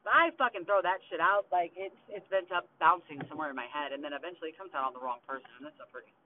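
A woman's voice: deep voice, rapid-fire, a little hiss or hum. A woman hosting a podcast, venting in an angry, heavily profane rant about family. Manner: angry, heavy swearing, ranting. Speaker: podcast host. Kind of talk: venting monologue. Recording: tinny phone-like line.

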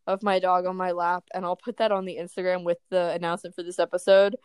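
Smooth-voiced, relaxed woman co-host. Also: lowish voice, no room sound. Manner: relaxed, quick reactions and laughter. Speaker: podcast co-host. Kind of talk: casual podcast chat.

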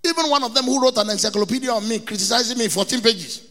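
A man's voice: very high voice, quick pace, pushed and bright, in a large hall. A middle-aged Nigerian man with a Nigerian accent, preaching a sermon as pastor, emphatic and repetitive, acting out people from his stories. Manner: emphatic preaching, repeats key words, mimics people in anecdotes.

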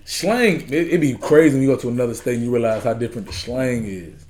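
A man in a casual group chat, animated, laughing often and swearing freely. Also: mid-range voice, quick pace.

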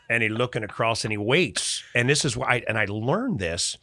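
Animated, profane veteran man telling stories. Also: medium pitch, normal speed, dry recording, clean studio sound. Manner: animated and profane, laughing as he talks. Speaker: podcast guest, military veteran. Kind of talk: casual storytelling.

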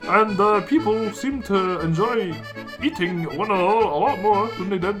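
A man's voice: high-pitched, moderate pace, music in the background, voice pushed up, natural voice. A man putting on an old man voice, playing a rambling reporter wandering a wasteland. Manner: rambling, chuckling.

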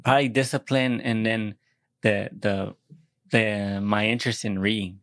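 A man's voice: on the low side, fairly even intonation, unhurried, fairly bright tone, dry recording. A young American man in casual podcast chat, rambling and self-deprecating, swearing often and restarting his sentences. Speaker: podcast co-host.

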